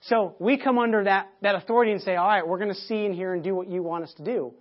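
Man preaching a sermon, halting storyteller. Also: sits high, lo-fi sound. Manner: storytelling, many repeated words and restarts; loud bursts when acting out shouts. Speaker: pastor.

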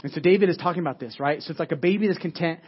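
A man preaching in a loose, conversational sermon style, stumbling over and restarting his words and tagging lines with "right?". He talks at a fast clip in a slightly high voice, and the recording sounds dull and lo-fi. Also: husky. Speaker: pastor. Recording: dull lo-fi audio.

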